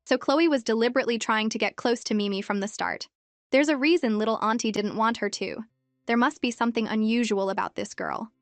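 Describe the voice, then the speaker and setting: A woman's voice: fairly high pitch, dry recording, faint music behind. Woman narrating a story recap. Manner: even, measured storytelling.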